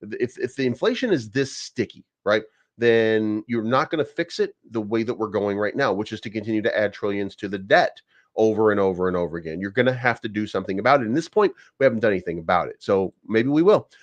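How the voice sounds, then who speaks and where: A man's voice: fairly low pitch, expressive, fast talker. A man hosting a crypto channel, giving rambling, profane market commentary with many restarts. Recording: dull lo-fi sound.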